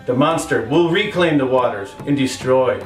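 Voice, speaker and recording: An actor playing a solemn storyteller recounting an old lake legend. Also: male voice, mid-range voice, animated, normal speed, over loud music, natural voice. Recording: roomy, far-off film sound.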